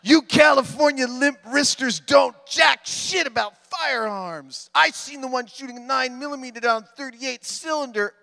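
A man putting on the voice of a furious, bullying male letter writer who shouts his complaints. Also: normal speed, creaky, hardly any pauses, exaggerated voice. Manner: shouting, high and strained, mocking. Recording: reverberant live hall.

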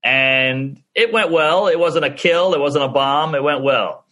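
A man, a stand-up comedian, telling a story on a podcast in an animated way and acting out the people in it. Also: a little high, a little slow. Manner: animated, acts out the people in his stories.

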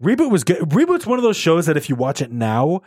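A man co-hosting a casual chat, playful and quick to laugh, with some casual swearing. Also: fairly high pitch, huge pitch swings, darkish tone, breathy edge, no room sound, clean studio sound.

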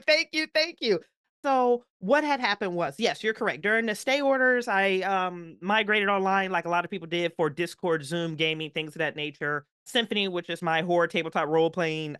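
A woman guest on a podcast, telling a story in an animated, emphatic way with playful asides. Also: deep voice, smooth, dry recording, studio quality.

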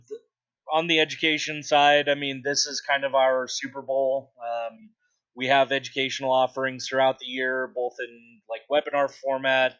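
A man's voice: medium pitch, a bit bright, dull audio. A young man chatting casually on a podcast, blunt and profane, rambling with lots of fillers. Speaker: podcast co-host, distillery industry board representative.

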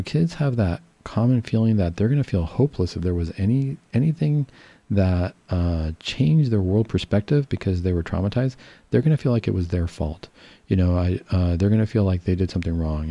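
A man speaking as a psychiatrist in a calm, reassuring, explanatory way. His voice is very dark and gravelly with a husky edge. The sound is dry and close. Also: fairly low pitch, a little fast, dry recording. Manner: calm, reassuring, explains patiently with fillers and restarts. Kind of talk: casual educational talk.

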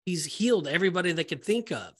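Emotional man, higher voice, rambling. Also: animated, fast, a bit bright, breathy edge. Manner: rambling, emotional, many restarts. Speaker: podcast co-host. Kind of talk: casual Bible discussion.

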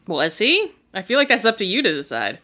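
A woman running a tabletop role-playing game, narrating playfully with quick asides and laughter. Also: mid-range voice, wildly swooping pitch, bright, forceful tone. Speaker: game master.

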